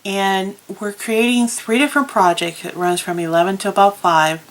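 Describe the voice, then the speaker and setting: A woman's voice: mid-range voice, fairly even intonation, moderate pace, a little hiss or hum, poor audio. A woman vlogger chatting casually about crafts, telling stories with plenty of ums. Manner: chatty, storytelling with many ums. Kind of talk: casual chat.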